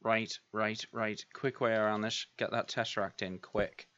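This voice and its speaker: A man's voice: fairly low pitch, flat delivery, unhurried, fairly bright tone. A man hosting a gaming video, commenting on his own play and scolding himself in exasperated outbursts. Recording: dull lo-fi sound.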